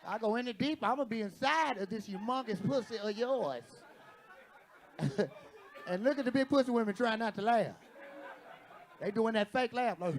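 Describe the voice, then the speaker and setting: A brash stand-up comedian, a man with a high, gravelly voice. He swears freely and acts out the people in his stories on a comedy stage, speaking into a handheld mic. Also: expressive, moderate pace, long pauses, some chatter behind. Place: comedy stage with live audience.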